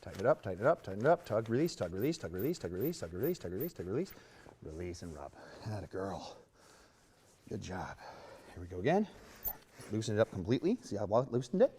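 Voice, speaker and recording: A man giving a hands-on lesson as a horse trainer, with coaxing, rhythmic repeated cues and soft praise. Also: fairly low pitch, big pitch swings, fast talker, long pauses, a little hiss or hum. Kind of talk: hands-on instruction.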